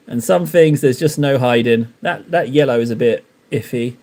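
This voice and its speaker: Painting miniatures on a live stream, this Cornish man from England rambles, cracks jokes and talks with his chat in a casual way. He speaks at a normal speed with few pauses, in a medium-pitched voice with a darkish tone.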